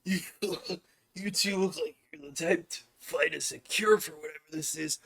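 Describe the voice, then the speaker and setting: A man voicing a sick, shrunken man in a tabletop game, speaking in a wavering, halting way with nervous laughs. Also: a little high, creaky, fairly bright tone, breathy edge, voice pushed up, heavily acted. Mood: friendly.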